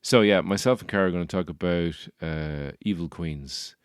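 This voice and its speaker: Brief: Dublin Irish comedian and podcast host, very low voice, dry and close, rambling and wry. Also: male voice, moderate pace, clear, resonant tone, no echo. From Ireland. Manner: rambling, wry, self-mocking. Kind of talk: comic podcast monologue.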